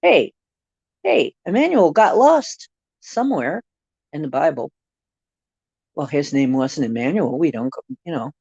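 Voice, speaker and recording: Slow, musing woman on a lo-fi livestream. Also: deep voice, very animated, creaky, darkish tone, husky, no echo. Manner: musing, rambling, speculative. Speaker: livestream host reading viewer chat. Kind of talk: casual livestream chat.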